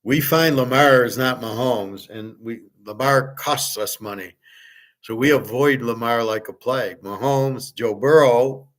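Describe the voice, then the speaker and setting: A man's voice: mid-range voice, measured pace, a bit bright. A middle-aged man hosting a casual talk, rambling and blunt, repeating himself, stumbling on words and swearing now and then. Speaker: host. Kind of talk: casual chat to viewers.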